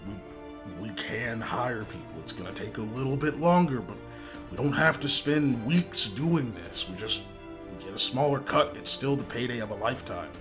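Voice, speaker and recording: A polite, bespectacled Avar merchant who reasons calmly with the people around him, as a man puts him on. He speaks a touch lower and softer than an ordinary voice, in a measured tone. Faint fantasy music plays underneath. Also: lightly acted. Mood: calm persuading. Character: polite bespectacled male Avar trader, calm and persuasive.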